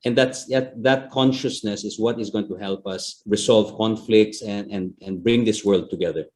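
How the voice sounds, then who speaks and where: A man's voice: fairly low pitch, moderate pace, darkish tone. A man hosting an interview, conversational, who gives short affirming murmurs while his guest talks. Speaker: host, diplomat. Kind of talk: interview questions.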